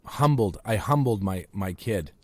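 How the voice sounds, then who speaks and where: A man's voice: lowish voice, animated, a little slow, a little mellow, dry recording. A man co-hosting a podcast, rambling and poking fun at himself in casual chat. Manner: rambling, self-deprecating, many fillers. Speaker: podcast co-host.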